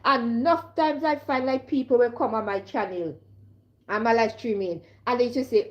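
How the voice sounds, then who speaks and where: A woman's voice: a little high, normal speed, darkish tone, dull audio. A woman with a Caribbean accent talking casually to her viewers as a live streamer, emphatic and repeatedly asking if they understand. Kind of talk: casual direct-to-camera monologue.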